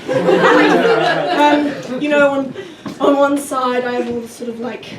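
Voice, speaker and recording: A young woman, half English and half German, performing an animated, self-deprecating stand-up set with mock rants, heard in a small comedy club with the audience laughing. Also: high-pitched, takes it slowly, heavy background noise. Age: young adult. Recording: echoey club recorded from far off.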